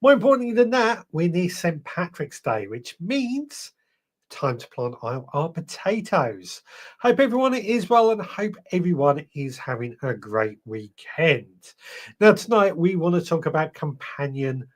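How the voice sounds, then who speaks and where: A man's voice: a little high, big pitch swings, a little slow. Chatty man hosting a live stream. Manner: chatty, greets viewers one by one. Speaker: podcast host. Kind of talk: live stream chat reading viewer comments.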